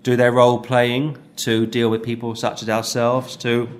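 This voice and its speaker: A man delivers a verse-by-verse sermon. His voice sits at an ordinary middle pitch. He talks earnestly and animatedly, slipping into the voices of the people he quotes. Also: monotone, moderate pace. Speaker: preacher. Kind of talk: expository sermon.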